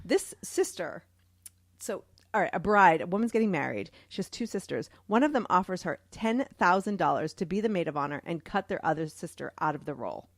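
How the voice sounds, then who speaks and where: A woman's voice: lowish voice, expressive, fairly quick, no room sound, clean studio sound. A woman from Boston co-hosting a podcast in casual chat, chatty and laughing often. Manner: chatty, laughs often, reads stories aloud. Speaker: podcast co-host.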